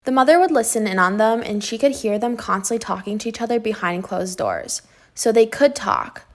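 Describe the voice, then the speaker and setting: A woman narrating a true story in an even, informative way. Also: mid-range voice. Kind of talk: scripted narration.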